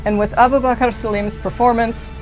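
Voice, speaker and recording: A woman's voice: fairly high pitch, normal speed, soft background music, rough recording. Rambling, swearing young woman streamer. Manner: rambling, excitable, swears a lot. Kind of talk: casual gameplay commentary.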